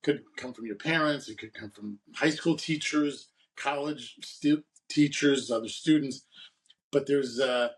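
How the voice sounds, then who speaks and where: A man's voice: mid-range voice, unhurried, far from the mic, poor audio. A man co-hosting a podcast, telling rambling stories about his career in a casual chat. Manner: rambling anecdotal storyteller. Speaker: podcast co-host.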